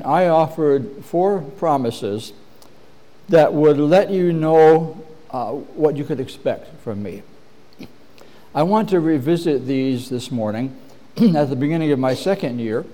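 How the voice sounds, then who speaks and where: A middle-aged man preaching a measured, earnest sermon as pastor, often clearing his throat. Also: a little high, lively intonation, warm tone.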